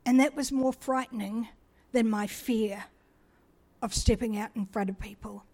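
A middle-aged woman from New Zealand telling her own story with a chatty, self-deprecating warmth. Her voice sits a little high, and she slips into quick bits of dialogue as she talks. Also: steady tone. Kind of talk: personal testimony talk.

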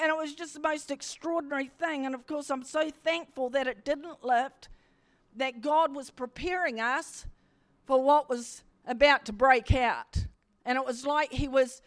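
A middle-aged woman preaches with fervent emphasis and circles back on her own phrases. Her voice sits a little higher than most women's. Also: fairly bright tone. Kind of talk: sermon.

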